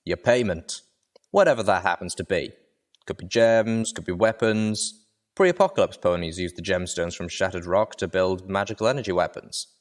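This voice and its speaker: A man voicing a smug, calm male pony boss. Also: sits low, moderate pace.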